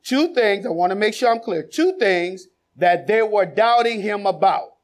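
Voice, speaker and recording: A man a sermon, quizzing the congregation and then building to shouted exhortation. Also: high voice, expressive, moderate pace. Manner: builds from conversational questioning to shouted preaching. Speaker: preacher. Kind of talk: sermon with congregation call-and-response.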